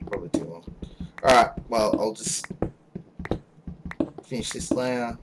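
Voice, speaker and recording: A man's voice: mid-range voice, unhurried, long pauses. A young man rambling through casual game commentary, with lots of fillers and self-mocking asides. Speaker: gaming channel host. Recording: loud background noise, mouse clicks.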